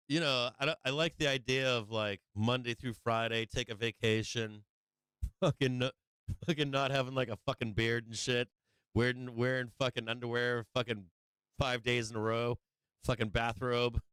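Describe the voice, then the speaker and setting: Crude joking man, smooth dry voice. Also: mid-range voice, fairly even intonation, moderate pace, fairly bright tone, dry recording. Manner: crude, joking, laughs often, lots of swearing. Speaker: stock market livestream host. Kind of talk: profane casual livestream chat.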